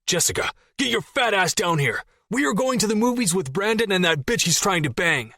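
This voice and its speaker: A man performs a full character voice of a furious young boyfriend, shouting and cursing, pitched above his own voice. The delivery is high with big pitch swings at a moderate pace, recorded dry at studio quality.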